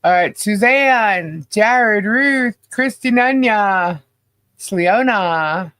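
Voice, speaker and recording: A high-pitched man speaks slowly but animatedly, his fairly bright voice clear and resonant with no room sound. Co-hosting a livestream, he chats in an upbeat way and runs through viewers' names, sounding somewhat stuffy and nasal from the humidity and allergies.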